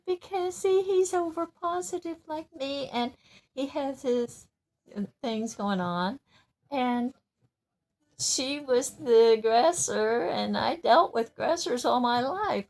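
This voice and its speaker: A woman's voice: sits high, slow. Older woman telling rambling stories. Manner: animated, laughs often, rambling with restarts. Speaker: storyteller sharing memories. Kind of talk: casual personal storytelling.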